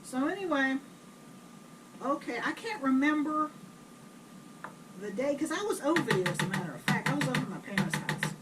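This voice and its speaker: A woman's voice: high voice, normal speed, long pauses. Chatty woman storytelling while cooking. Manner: blunt, chatty, animated retelling. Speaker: home cook telling family stories. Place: home kitchen. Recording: distant camera mic, noisy kitchen.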